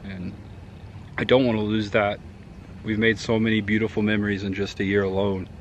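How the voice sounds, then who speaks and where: A man's voice: on the low side, flat delivery, brisk, lo-fi sound, slight background noise. A young man talking outdoors in an earnest, heartfelt way. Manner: earnest and heartfelt, then playful. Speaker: boyfriend. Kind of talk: casual chat. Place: outdoors in a garden.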